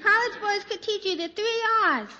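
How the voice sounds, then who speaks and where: A woman's voice: extremely high pitch, lively intonation, normal speed, highs cut off. A woman, a guest on a radio comedy show, brassy and wisecracking in slangy scripted banter. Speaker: guest star. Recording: hissy old radio broadcast, reverberant hall.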